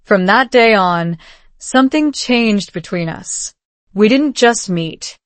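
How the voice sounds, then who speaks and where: A woman giving calm, measured scripted narration of a story for English learners. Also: medium pitch, dry recording.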